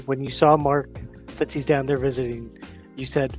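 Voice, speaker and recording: A man's voice: medium pitch, steady tone, moderate pace, soft background music. Dry, teasing male podcast co-host. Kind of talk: casual chat.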